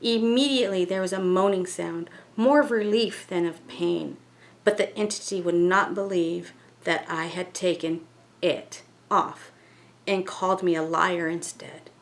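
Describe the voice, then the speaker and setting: A woman vlogger reading a ghost story aloud in an unhurried, measured way. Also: fairly low pitch, steady tone.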